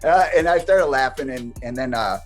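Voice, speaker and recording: A man telling a story as an interview guest, casual and lively, acting out what others said. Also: medium pitch, normal speed, soft background music. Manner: animated, acts out others' quotes. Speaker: interview guest, martial artist.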